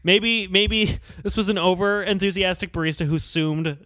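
A man co-hosting a casual comedy music podcast, joking and talking in quick animated bursts. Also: high-pitched, no room sound, clean studio sound. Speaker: podcast co-host.

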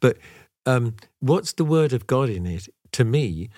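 A man's voice: medium pitch, animated, measured pace, darkish tone, dry recording, clean studio sound. A man co-hosting a podcast, talking thoughtfully and wryly in casual conversation and playing with words. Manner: thoughtful, wry, playful with words. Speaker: podcast co-host.

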